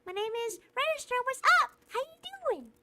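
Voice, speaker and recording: Squeaky friendly little kid, very high and chirpy, for a voice demo. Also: female voice, big pitch swings, moderate pace, distant mic, heavy background noise. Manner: chirpy greeting patter.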